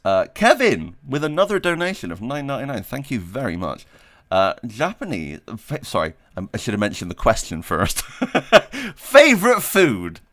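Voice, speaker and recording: Lively low-voiced man streaming. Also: moderate pace, dry recording. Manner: rambling, self-deprecating, laughs often; reads chat questions aloud while playing. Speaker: streamer answering viewer questions. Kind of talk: casual livestream chat.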